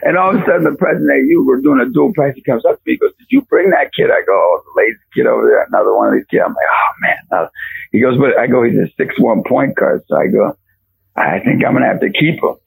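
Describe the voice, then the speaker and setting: A man with a gravelly, husky voice tells a fervent faith story as a radio guest, now and then shouting for emphasis. His voice sits a touch high for a man, and the sound is close and dry. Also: very animated, fast talker, no echo, low-quality recording. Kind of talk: animated faith testimony.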